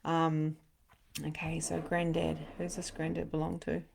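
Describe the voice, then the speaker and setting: A middle-aged woman hosting a live spiritual session as a medium, chatting casually, laughing often and breaking into sudden excited bursts. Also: low-pitched, unhurried, vocal fry, a little hiss or hum. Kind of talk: casual live-stream channeling.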